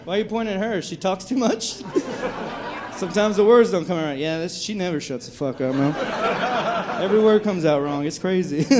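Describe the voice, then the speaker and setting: A man in his thirties doing a brash, profane stand-up comedy set at a comedy club. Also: a little high. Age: 30s. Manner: brash, profane, animated delivery. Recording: live club recording with crowd laughter. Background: audience laughter.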